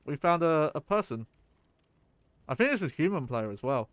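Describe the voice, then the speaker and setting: A man's voice: a little high, very animated, normal speed, no room sound. A man streaming a video game, rambling casually and chatting with his viewers. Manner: rambling, chatty, swears and laughs. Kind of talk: casual gameplay commentary.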